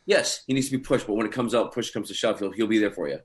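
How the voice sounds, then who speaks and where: This actor, Scottish by way of his parents, rambles through stories in a casual interview chat, leaning heavily on fillers. His voice is lowish and his delivery fast.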